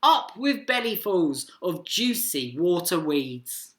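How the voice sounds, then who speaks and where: A man voicing a herd of cheerful duck-billed dinosaurs who hoot with high, happy voices. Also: sing-song, takes it slowly, a bit bright, reverberant, exaggerated voice. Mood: delighted.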